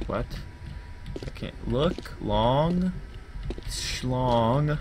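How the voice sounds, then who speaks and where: A man's voice: takes it slowly, pauses often. Jumpy, cursing man playing a horror game. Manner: babbling and swearing when scared; jumps to loud high yelps. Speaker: gaming YouTuber. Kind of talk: horror game let's play commentary. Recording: steady background noise.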